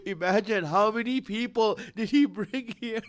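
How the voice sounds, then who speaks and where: In an Islamic center hall, a man with a high-sitting voice preaches a sermon, recounting a sad story in an emotional, lamenting tone. He leaves long pauses as he speaks.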